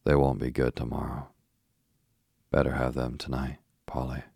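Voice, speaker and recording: A man's voice: very deep voice, monotone, moderate pace, vocal fry, a little mellow, slightly rough, no echo, clean studio sound, full character voice. A man reading a kindly, practical mother. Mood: matter-of-fact.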